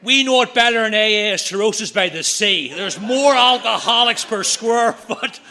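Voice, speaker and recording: A middle-aged Northern Irish man speaks at a recovery meeting, telling his story as a string of jokes and punchlines. His voice sits high and has a gravelly edge. His tone is bright and sharp. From Northern Ireland. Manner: joking storyteller, quick punchlines.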